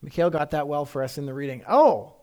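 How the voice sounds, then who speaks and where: A man's voice: on the high side, flat delivery, fast talker, a little mellow, clear, resonant tone. A man preaching a sermon in a conversational, emphatic way, often repeating phrases for effect.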